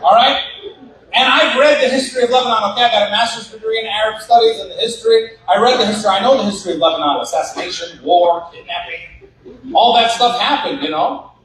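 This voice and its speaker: A man doing stand-up comedy in a large banquet hall, telling stories in an animated, punchy way with repeated asides. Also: high-pitched, quick pace. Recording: echoey banquet hall, distant mic.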